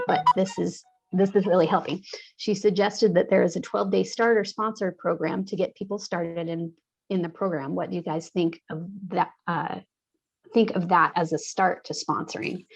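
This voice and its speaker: Husky gravelly-voiced woman, lo-fi sound. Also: medium pitch, a little mellow. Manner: reads listener questions, then answers thoughtfully. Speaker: podcast co-host. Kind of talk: casual recovery talk. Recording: dull lo-fi sound.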